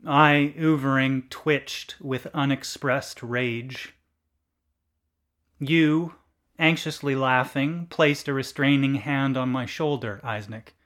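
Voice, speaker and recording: A man reading a literary story aloud in a deliberate, deadpan narration. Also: medium pitch.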